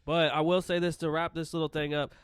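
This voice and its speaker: A man co-hosting a casual sports podcast, joking and excitable, swearing freely. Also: on the high side, fairly quick, clean tone, no room sound, clean studio sound. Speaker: podcast co-host.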